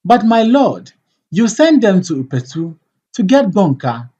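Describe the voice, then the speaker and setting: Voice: mid-range voice, big pitch swings, measured pace, dark tone, slightly rough, highs cut off. A reader voicing a worried chief who advises the king in a cautious, respectful way, in a play read aloud. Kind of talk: audiobook play reading.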